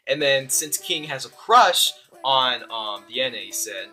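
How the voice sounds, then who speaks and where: A young man giving a casual, rambling anime episode review, excitable and full of fillers and restarts. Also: medium pitch, moderate pace, few pauses, soft background music.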